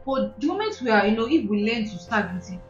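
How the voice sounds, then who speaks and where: A woman's voice: fairly high pitch, quick pace. A young woman with a Nigerian English accent, chatting casually and laughing, sometimes slipping into pidgin. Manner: animated, laughing, slips into pidgin. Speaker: channel host. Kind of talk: casual chat. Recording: roomy, dull sound with faint music.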